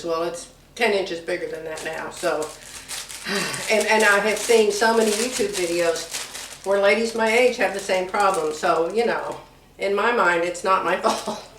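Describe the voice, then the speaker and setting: An older sewing vlogger rambles cheerfully in a room at home, laughing frequently as she chats. Heard from a distance with roomy sound and slight background noise, her mid-range voice comes across a little bright.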